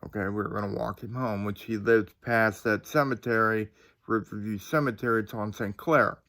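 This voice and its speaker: A man's voice: on the low side, steady tone, moderate pace, fairly bright tone. A man in his forties from Ohio, telling a ghost story to his viewers in a casual, rambling way. He uses lots of fillers and asides and speaks into a phone. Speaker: channel host.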